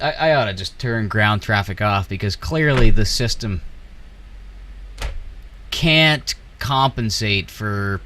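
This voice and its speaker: A man's voice: lowish voice, lively intonation, takes it slowly, sharp tone. A young man giving casual flight sim gameplay commentary, ranting angrily and swearing.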